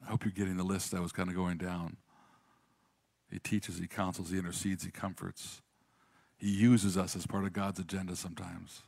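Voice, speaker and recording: A pastor preaching to a congregation, telling a story with lively quoted voices and then speaking more quietly and earnestly. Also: male voice, sits low, moderate pace, vocal fry, no echo. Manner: animated storytelling, raises voice for quoted prayers. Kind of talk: sermon with storytelling.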